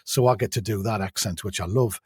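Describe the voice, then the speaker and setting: A man's voice: lowish voice, brisk, a little mellow, breathy edge, dry recording, clean studio sound. An English man, an audiobook narrator, chatting as a guest in an interview, hesitant and self-deprecating with many restarts. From England. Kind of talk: casual interview chat.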